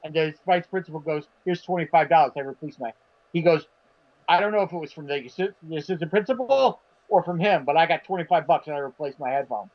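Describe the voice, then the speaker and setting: A man with a high voice spins a long anecdote in casual podcast chat. He is animated and foul-mouthed, slipping into the voices of the people he quotes. The sound is dull and lo-fi. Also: fast talker. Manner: animated, acts out quotes, swears. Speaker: podcast co-host. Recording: dull lo-fi stream audio.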